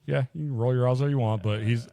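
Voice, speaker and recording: Profane, animated male podcast storyteller. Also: medium pitch, quick pace, gravelly, dry recording. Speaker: podcast co-host. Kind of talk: casual chat.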